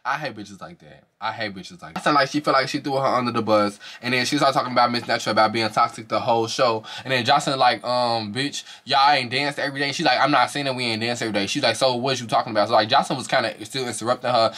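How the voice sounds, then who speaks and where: A man talks fast through a profane reality-show review. His voice is bright and forceful, and he slips into high-pitched impressions when quoting the cast. The delivery is animated and slangy throughout. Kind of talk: casual profane commentary.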